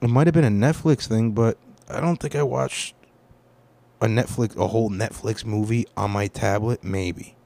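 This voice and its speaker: Speaking at a moderate pace, this young podcast host has a fairly low, gravelly voice with a dark tone. His monologue about the past week wanders, and he curses freely while poking fun at himself.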